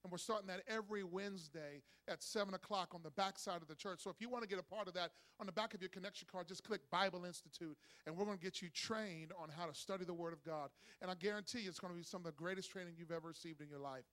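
A middle-aged man preaching a sermon as pastor, energetic and calling on the congregation to respond. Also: sits high, fast, few pauses. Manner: acts out voices in a joke with rising excitement. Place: church.

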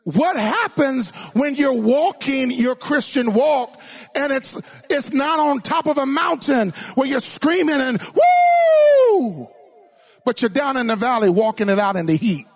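A man preaching a sermon as pastor, with call-and-response, sometimes shouting, sometimes singing his lines. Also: extremely high pitch, lively intonation, moderate pace.

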